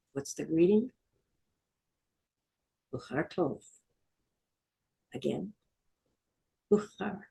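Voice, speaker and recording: A woman's voice: deep voice, creaky, dark tone. A middle-aged woman teaching a Hebrew vocabulary lesson, patiently repeating each word and asking listeners to say it with her.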